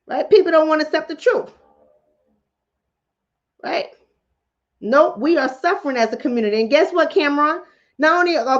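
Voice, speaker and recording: A woman hosts a mental health show as a casual livestream chat, addressing her viewers directly. She talks bluntly and swears freely, with a fairly high voice. The audio is dull and lo-fi. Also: animated, brisk.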